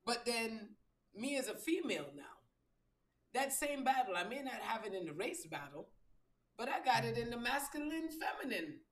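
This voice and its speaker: A woman hosting a casual spiritual chat, with a strong low voice, talking loud and profane. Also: big pitch swings, normal speed, recorded from a distance. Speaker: host.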